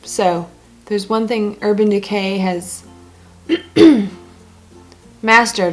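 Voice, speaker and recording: A woman's voice: mid-range voice, drawn-out words, soft background music. A woman casually talking through her makeup routine step by step, chatty and joking as she goes. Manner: chatty, self-narrating each step; joking asides. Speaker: beauty blogger.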